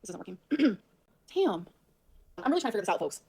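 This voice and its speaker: A woman's voice: mid-range voice, very animated, quick pace, a little mellow, slightly rough. A woman on a livestream, rambling to her viewers in a flustered way and swearing a lot.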